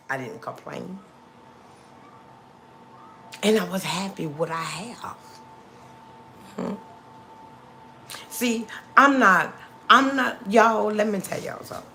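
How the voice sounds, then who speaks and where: A woman's voice: deep voice, gravelly, bright, forceful tone, slight background noise. A middle-aged woman hosting a casual livestream, chatting to her viewers and repeating lines for emphasis, recorded on a phone. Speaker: livestream host.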